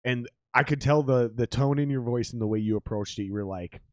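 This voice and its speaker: A man's voice: medium pitch, fairly quick, a little mellow, no echo. A man hosting a podcast, telling profane bar stories in casual chat and laughing often. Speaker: podcast host.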